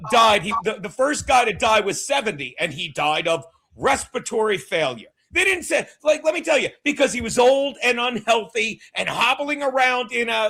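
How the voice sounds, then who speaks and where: A man hosting a casual political chat show, loud and emphatic, joking and shouting his punchlines. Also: very high-pitched. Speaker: podcast host.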